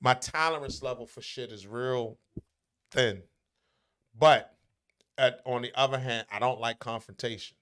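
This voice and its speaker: A man's voice: mid-range voice, a little slow, pauses often, a bit bright. A man talking casually, blunt and profane, with emphatic, brash delivery. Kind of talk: casual chat.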